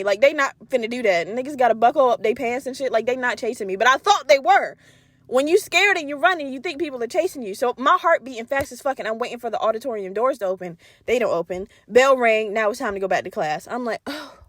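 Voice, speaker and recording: High-voiced animated woman telling a story. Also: dry recording, clean studio sound. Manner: animated, profane, acts out her past reactions. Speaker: podcast host. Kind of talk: casual storytelling.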